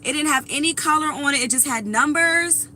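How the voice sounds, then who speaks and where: A woman's voice: sits high, brisk, pushed and bright, a little hiss or hum, rough recording. A woman in her thirties doing a casual live tarot reading, talking bluntly and with profanity straight to her viewers. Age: 30s. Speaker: tarot reader.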